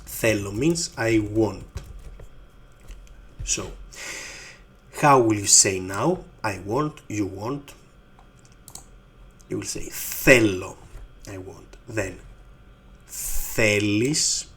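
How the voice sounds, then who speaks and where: A man's voice: fairly low pitch, animated, extremely slow, pauses often, fairly bright tone. A man with a Greek accent, a native Greek speaker teaching his language in English, patiently repeating each form. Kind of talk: slow explanatory lesson.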